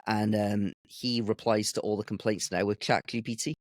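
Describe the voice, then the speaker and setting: A man who works as a chef, a guest on a podcast, telling anecdotes in a relaxed, casual way. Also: lowish voice, moderate pace, no room sound. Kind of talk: casual chat.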